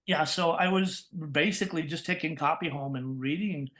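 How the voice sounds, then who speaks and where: A man from California, a voice actor, telling stories in an interview with lively energy, laughing often and acting out the voices he quotes. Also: on the high side, moderate pace. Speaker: guest, voice actor. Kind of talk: interview storytelling.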